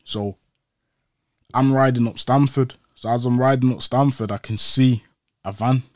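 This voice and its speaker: A man tells his story in a casual interview, talking in street slang and retelling events with energy. His voice sits at an ordinary pitch and comes across close and dry, with no room echo. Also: fairly even intonation, unhurried, a little mellow. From Old Trafford, Manchester, England. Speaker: interview guest.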